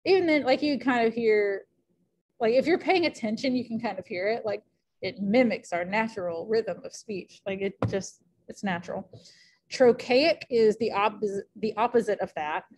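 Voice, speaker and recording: A woman's voice: a little high, moderate pace, darkish tone. A woman teacher giving a casual recorded lecture, chatty and thinking aloud with many fillers.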